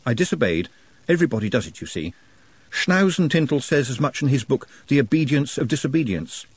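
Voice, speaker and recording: Guy voicing a super polite calm orc, formal, precise, bit husky. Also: mid-range voice, no echo, pitched above the performer's own voice. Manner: precise, formal, quietly measured.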